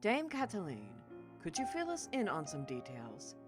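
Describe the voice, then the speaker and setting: A woman voicing a formal male bird lawyer who talks in a slow, measured way. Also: lowish voice, huge pitch swings, over music.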